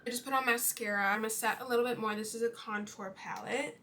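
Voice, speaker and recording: A woman's voice: fairly high pitch, steady tone, fast, background noise. A woman in her twenties chatting casually about her life while doing her makeup, full of fillers. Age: 20s. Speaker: beauty vlogger.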